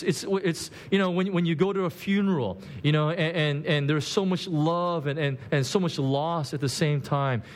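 Animated man preaching a sermon. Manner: conversational, acts out quotes with big pitch swings. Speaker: pastor.

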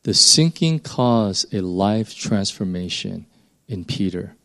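A man's voice: on the low side, expressive, slow, gravelly, sharp tone. A man preaching a sermon in an informal, conversational way, rambling a bit and pushing his voice up for emphasis.

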